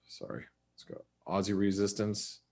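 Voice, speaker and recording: A man with a very deep, low voice hosts a live market webinar. He talks casually through chart levels, thinks out loud, and keeps stopping to correct himself. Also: big pitch swings, moderate pace, vocal fry, husky. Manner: conversational, thinking aloud with restarts and asides. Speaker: forex market analyst. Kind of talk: live trading webinar commentary.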